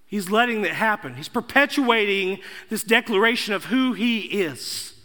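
A man's voice: high-pitched, lively intonation, moderate pace, sharp tone. A young man preaching a sermon as pastor, emphatic, building through repeated declarations. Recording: echoey hall.

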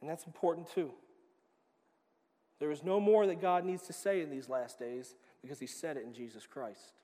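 A man preaching a sermon as pastor, emphatic, swinging from quiet, low passages to loud, pressing ones. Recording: long reverb of a hall.

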